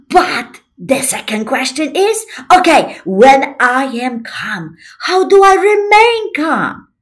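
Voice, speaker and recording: Woman host, motivational talk; high, very animated pitch, unhurried delivery, repetitive and swooping. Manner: lively, repetitive, swoops between soft and excited. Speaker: self-help video host.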